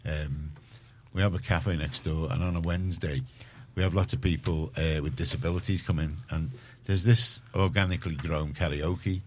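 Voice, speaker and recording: A man with a very deep voice and a Liverpool accent hosts a community radio show in a studio. He talks casually in a rambling, chatty way and pokes fun at himself, with a faint hum of room sound behind him. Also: steady tone, moderate pace, hardly any pauses. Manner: rambling, chatty, self-mocking. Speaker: radio presenter.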